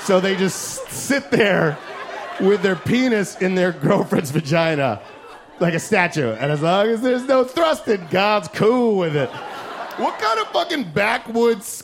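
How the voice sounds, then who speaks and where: A man doing a stand-up set in a comedy club, loud and profane, riffing fast and shouting his punchlines. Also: sits high, creaky. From United States. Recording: live club recording with crowd noise. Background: audience laughter and club noise.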